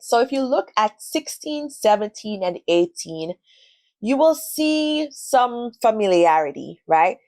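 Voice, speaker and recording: A woman teaches a beginner lesson at a deliberately slow pace, her pitch sitting in an ordinary middle range. She spells words out letter by letter and says each word carefully, so the listener can repeat after her. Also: a little mellow, no room sound. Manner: switches between English and Spanish, modeling pronunciation. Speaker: Spanish teacher. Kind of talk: scripted language lesson.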